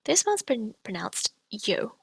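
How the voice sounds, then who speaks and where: A woman teaching pronunciation in a scripted online lesson, patient and clear as she demonstrates each sound. Her voice sits a little high and has a gravelly, fried edge. The recording is close and dry, with no room sound. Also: very animated, slow pace, dry recording. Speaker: language teacher.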